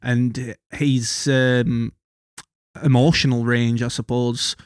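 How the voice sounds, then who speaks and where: Guy rambling about a tv show, lots of ums, mid pitch, dry sound. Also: little pitch movement, slow, clean tone, dry recording. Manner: rambling, many fillers and restarts. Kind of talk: casual chat.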